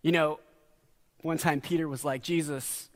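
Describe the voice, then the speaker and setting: A middle-aged man preaching a sermon as a pastor, earnest and dropping to quiet emphasis on key words. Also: fairly high pitch, steady tone, a little slow.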